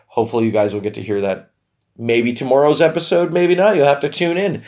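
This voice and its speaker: A man's voice: mid-range voice, expressive, fast talker, a little mellow. Rambling, chatty male podcast host. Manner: rambling, chatty, stumbles and corrects himself. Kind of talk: casual solo podcast chat.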